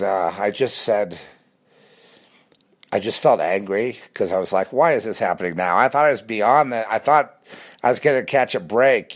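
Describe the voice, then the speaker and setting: Man, lowish voice, lively pitch, rambling casual monologue full of restarts. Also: gravelly. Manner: rambling and animated, with many restarts.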